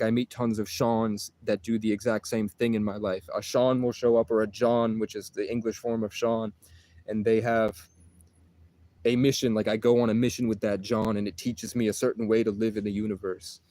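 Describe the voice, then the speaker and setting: A man talking to camera in a rambling, intense monologue, swearing freely. His voice sits at an ordinary mid pitch. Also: mellow. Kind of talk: casual monologue.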